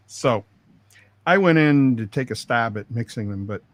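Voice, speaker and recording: The recording is dry, and the man's medium-pitched voice has lively intonation and a measured pace. A middle-aged record producer, he's an interview guest spinning long, meandering studio stories rich in quoted dialogue.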